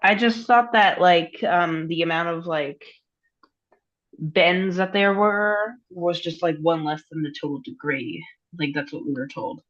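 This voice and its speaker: In a muffled recording, a teen girl speaks a little slowly in a lowish voice, asking her tutor about a math problem during an informal call. She sounds congested and hesitant, with "like" in nearly every phrase.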